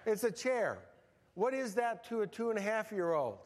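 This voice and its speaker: A man's voice: sits high, big pitch swings, moderate pace. A middle-aged male pastor preaching a sermon in a church, folksy and humorous, telling stories with animation. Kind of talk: sermon with storytelling. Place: church sanctuary. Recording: church hall reverb.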